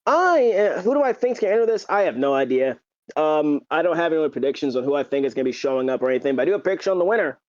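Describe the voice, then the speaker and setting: Rambling excitable man on a lo-fi mic. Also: a little high, rapid-fire, no room sound. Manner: rambling, filler-heavy, excitable. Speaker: podcast co-host. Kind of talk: casual wrestling chat.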